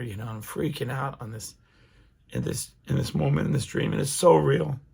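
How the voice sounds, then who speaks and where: A man's voice: mid-range voice, normal speed, creaky, darkish tone, breathy edge. A middle-aged man hosting his own podcast, talking alone in a casual, rambling way with lots of restarts and fillers. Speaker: podcast host. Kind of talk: casual solo monologue.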